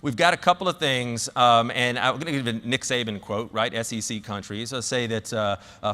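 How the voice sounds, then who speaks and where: A man with a Southern US accent gives a conference talk, telling a story with plenty of "uh"s and restarts. His voice is bright and forceful. It rings out with a long reverb, as if from a large hall. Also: medium pitch, normal speed, few pauses. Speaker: conference speaker.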